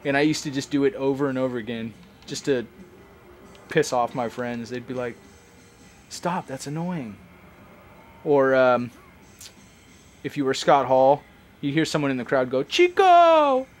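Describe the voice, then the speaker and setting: A man's voice: medium pitch, steady tone, normal speed, pauses often. A man giving casual, rambling commentary as he plays a game, chatting like a longtime fan. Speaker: let's play host.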